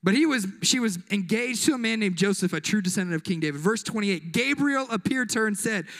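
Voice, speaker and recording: Young guy youth pastor, high voice, slangy jokey sermon, echoey church hall. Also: expressive, fast talker, fairly bright tone. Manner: joking, slangy, conversational. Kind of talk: casual sermon.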